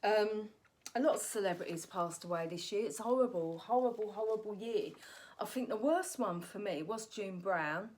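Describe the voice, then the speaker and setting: A woman comedian, riffing through a cheeky, rambling monologue. She often corrects herself in mid-sentence. Her voice sits in an ordinary middle pitch. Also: normal speed, darkish tone. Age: 40s. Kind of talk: comic monologue.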